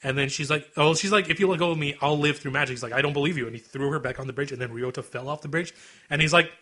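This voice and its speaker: Fast, bright-voiced young man retelling anime. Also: fairly high pitch. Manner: animated, acts out scenes in quoted voices. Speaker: podcast co-host. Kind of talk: casual anime chat.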